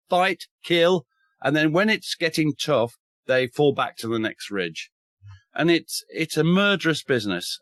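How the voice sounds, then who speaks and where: Brief: male historian, animated and wry, mid-pitched, dry close recording, frequent restarts. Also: no echo. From north of England. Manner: enthusiastic, wry humor, mild swearing, frequent restarts. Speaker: historian and author. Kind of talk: casual podcast chat.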